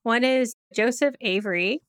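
A woman's voice: fairly high pitch, moderate pace, a bit bright, clear, resonant tone, no room sound, studio quality. A woman co-hosting a casual podcast, reading out facts and joking between them with frequent laughs. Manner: chatty, laughs often, reads facts then jokes. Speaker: podcast co-host. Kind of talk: casual chat.

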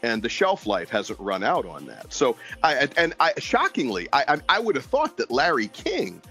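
A man's voice: mid-range voice, wildly swooping pitch, moderate pace, bright, forceful tone, faint music behind. Rambling man in casual chat. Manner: rambling, digressive, many fillers. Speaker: podcast co-host.

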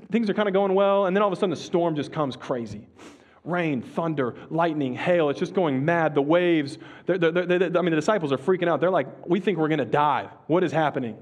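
In a loose, chatty sermon, a male pastor uses slang and restarts his sentences, sinking into a slow hush on the key phrases. His voice sits on the high side.

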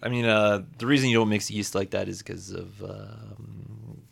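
Gravelly low man explaining. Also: fairly even intonation, a little slow, slight background noise. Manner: explanatory, easygoing. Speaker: podcast co-host, brewer. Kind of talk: casual chat.

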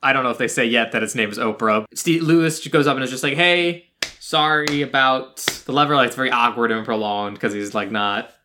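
A woman's voice: fast talker, few pauses, sharp tone, a little hiss or hum. A woman co-hosting a podcast, talking loosely with lots of fillers and restarts. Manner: rambling with many likes, drops into low voices for quotes. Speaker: podcast co-host. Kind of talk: casual chat.

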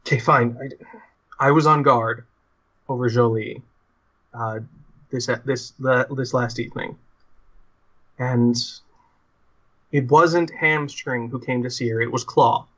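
A man's voice: medium pitch, steady tone, slow pace, pauses often, a bit bright. A cornered female snake-like guard , voiced by a man, gives in and talks in a tabletop game. She stumbles and repeats herself as she speaks. The sound is slightly muffled. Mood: reluctant. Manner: hesitant, repeats words.

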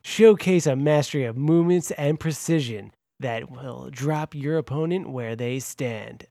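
A man doing a booming trailer announcer. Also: unhurried, gravelly, mellow, no room sound, clean studio sound. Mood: dramatic. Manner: booming, theatrical promo delivery. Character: dramatic male trailer announcer.

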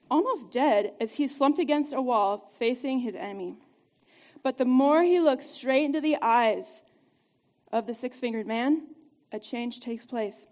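A woman giving an upbeat, conversational devotional talk to a group, chatty and quick to laugh. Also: fairly high pitch, darkish tone. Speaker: church teacher.

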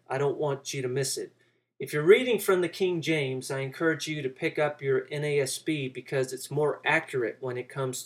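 A man preaching a sermon, walking through a passage and acting out the quoted lines with rising emphasis. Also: on the high side.

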